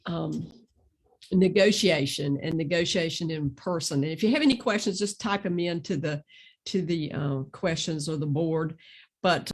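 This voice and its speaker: An older woman leads a webinar for agents, talking straight to her listeners. Her coaching is earnest, and she slips into soft, gentle tones when she acts out sample lines. She speaks into a computer mic. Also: lowish voice. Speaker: real estate trainer. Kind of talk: webinar teaching.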